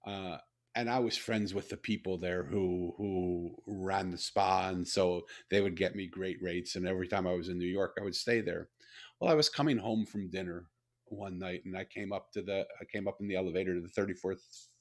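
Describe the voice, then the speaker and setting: A middle-aged man, an author and company head, telling a personal story in an unhurried, reflective way during a conversation. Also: low voice, steady tone. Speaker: author and CEO, interview guest.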